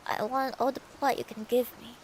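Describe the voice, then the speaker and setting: A woman's voice: fairly high pitch, steady tone, fairly quick, slight background noise, close to an everyday voice, low-quality recording. A woman voicing a mad, gaunt male doctor who stutters and groans like a zombie. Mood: greedy.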